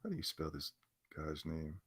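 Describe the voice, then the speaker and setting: A man's voice: a bass voice, very animated, normal speed, slightly rough. A man giving a ranting gaming commentary, indignant and sarcastic in a mocking way.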